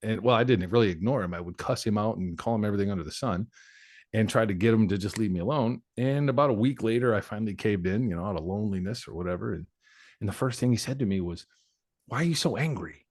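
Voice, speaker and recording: Male podcast guest, 40s, deep-ish and dry, frank and reflective. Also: fast talker, a little mellow, dry recording. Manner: candid, reflective storyteller. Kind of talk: personal life story in conversation.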